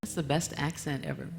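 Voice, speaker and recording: A woman giving a church talk, telling a story in a lively, self-mocking way with frequent laughs. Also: fairly low pitch, creaky. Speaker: guest speaker and musician.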